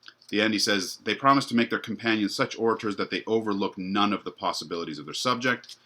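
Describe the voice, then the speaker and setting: Middle-aged guy lecturing a class, lowish voice, kinda sharp tone, lots of ums and restarts. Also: quick pace. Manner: conversational, many fillers and restarts. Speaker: professor. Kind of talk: university lecture.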